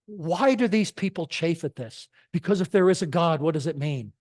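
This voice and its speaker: A man's voice: a little high, expressive, moderate pace, hardly any pauses, darkish tone. A middle-aged man giving a church talk on science and faith, emphatic and full of rhetorical questions, often checking in with "okay?". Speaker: guest speaker at a church. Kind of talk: sermon-style lecture on science and faith. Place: church sanctuary.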